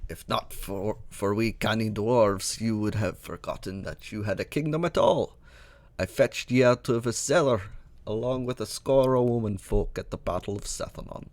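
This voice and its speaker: A man doing a gruff old dwarf with a brogue. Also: lowish voice, moderate pace, a little mellow, dry recording, close to an everyday voice. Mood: boastful. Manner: attempted Scottish brogue, gruff and chatty. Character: old one-eyed boastful male dwarf. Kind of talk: reading game dialogue aloud.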